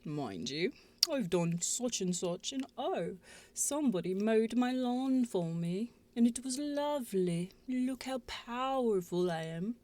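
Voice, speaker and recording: A woman putting on a haughty, boastful hypnodom at a posh tea party, speaking slowly and pompously in a put-on old British accent. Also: on the high side, expressive, darkish tone, no echo, pitched above the performer's own voice. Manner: pompous, slow and bragging.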